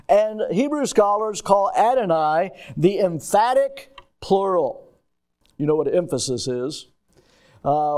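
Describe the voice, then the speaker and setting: A man with a notably high voice delivers a teaching sermon. He reads old-fashioned scripture wording aloud, then explains it plainly and throws questions to his listeners. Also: warm tone. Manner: teacherly, asks the congregation questions. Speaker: pastor. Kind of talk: expository sermon.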